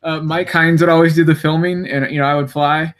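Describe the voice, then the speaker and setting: A man in a casual hobby chat, telling a quick story and quick to laugh. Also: on the high side, fairly even intonation.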